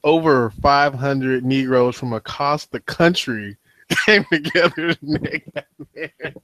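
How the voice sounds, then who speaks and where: A man's voice: medium pitch, slow, fairly bright tone. A man hosting a podcast in casual comedic chat, telling stories with laughter and profanity. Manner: laid-back, laughing, profane storytelling. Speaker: podcast host.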